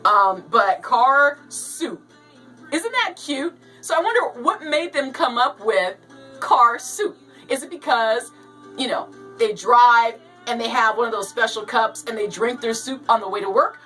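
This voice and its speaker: A woman giving casual, animated commentary on news stories, with jokey asides. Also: a little high, unhurried, recorded from a distance, low-quality recording. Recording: voice a bit off-mic, with light music behind.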